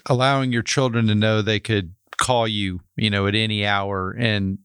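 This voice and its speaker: A male podcast host with a fairly low voice talks in a relaxed, reflective way. The sound is dry and close, with no room echo. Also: normal speed, clean tone. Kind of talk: casual interview chat.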